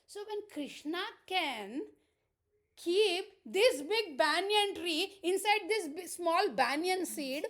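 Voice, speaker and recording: A woman teaching scripture through a story, emphatic and full of rhetorical questions and fillers. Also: sits high.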